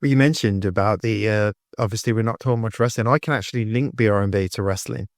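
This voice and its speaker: A man's voice: fairly low pitch, quick pace, no echo, clean studio sound. Man co-hosting a chatty podcast. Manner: conversational, asks questions. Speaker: podcast co-host. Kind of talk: casual chat.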